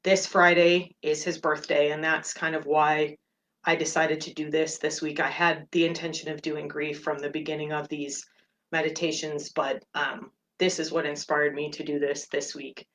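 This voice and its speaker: A middle-aged woman hosting a meditation podcast, talking gently and candidly about her feelings. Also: deep voice, flat delivery, moderate pace, slight background noise. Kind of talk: personal reflective talk.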